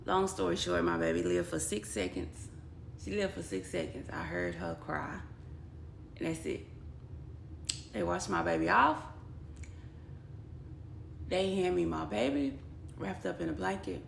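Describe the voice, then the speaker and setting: Gravelly-voiced woman telling her own story. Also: lowish voice, lively intonation, unhurried, pauses often. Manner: blunt and emotional, quotes others in dialogue. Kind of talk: personal storytelling vlog. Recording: echoey room with faint background noise.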